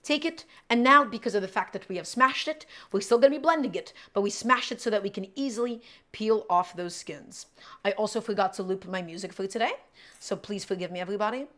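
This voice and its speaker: A woman's voice: mid-range voice, fairly quick, a bit bright. A woman hosting a live cooking stream, chatting casually with viewers and repeating her instructions as she works.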